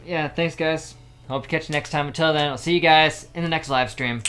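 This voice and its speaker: A man co-hosting a live gaming stream, chatting casually and signing off in a relaxed, friendly way. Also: a little high, brisk. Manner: relaxed, friendly sign-offs.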